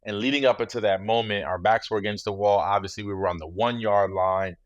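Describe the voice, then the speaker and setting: Reflective and measured, a man in his thirties who used to play football talks as a guest in a laid-back interview, frequently inserting "you know." His voice is lowish, and the dull audio has no echo.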